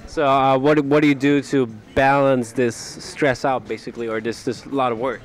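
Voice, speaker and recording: A man with a middle-pitched voice interviews a rapper outdoors in a city. He asks his questions haltingly, stacking up fillers before he gets to the point. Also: flat delivery. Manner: hesitant, filler-heavy questioning.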